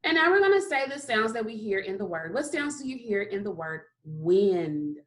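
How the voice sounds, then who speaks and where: A woman with a medium-pitched, sing-song voice teaches a recorded phonics lesson to kindergarteners. She goes slowly and encouragingly, sounding out letters and praising often.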